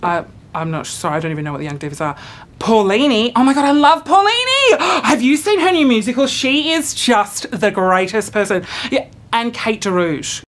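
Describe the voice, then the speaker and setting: A man's voice: extremely high pitch, big pitch swings, moderate pace, fairly bright tone, heavily acted. A man playing a starstruck, scatterbrained thirty-year-old woman who wants to be a singer, squealing and gushing in a comedy sketch. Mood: flustered.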